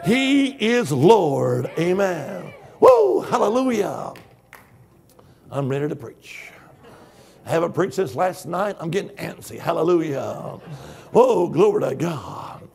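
An older man preaching with shouted hallelujahs, acting out dialogue from his story. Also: a little high, big pitch swings, slow pace, creaky, breathy edge. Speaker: guest preacher. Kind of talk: Pentecostal-style sermon.

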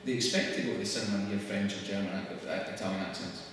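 A man with a Scottish accent giving a public talk to an audience, conversational and wry, with quick laughs. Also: lowish voice, steady tone, a bit bright, slight background noise. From Scotland. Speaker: speaker at a public event. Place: church hall. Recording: echoey hall recorded from far off.

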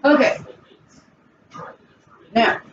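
A woman hosting a cooking vlog in her home kitchen, chatting straight to her viewers as she cooks. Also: extremely slow. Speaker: cooking channel host. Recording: distant, muffled, noisy.

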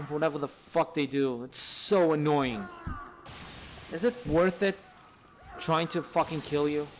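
A man's voice: fairly high pitch, a little hiss or hum. A man giving live commentary on his own gameplay, exasperated and swearing at the enemies on screen. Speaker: let's play gamer. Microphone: desk mic, camera off.

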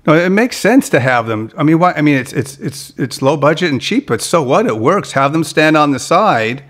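A man hosting a podcast interview, chatty and halting, with many fillers and restarts. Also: on the high side, sing-song, a bit bright. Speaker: podcast host. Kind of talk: casual interview chat.

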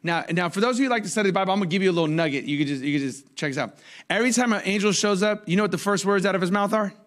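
A man in his forties preaching a sermon as a pastor, telling jokey stories with sudden high-pitched outbursts. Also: very fast, a bit bright.

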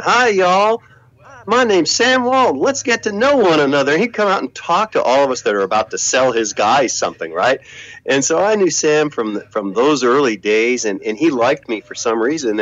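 An older man, a former business executive, recalling his career in a relaxed interview, full of anecdotes, repeated words and restarts. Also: medium pitch, muffled recording. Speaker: guest, former video game executive.

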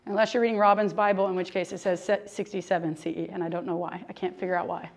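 A woman's voice: fairly low pitch, level tone, quick pace, creaky. A woman teaching a humorous, chatty Bible lesson, joking and laughing often.

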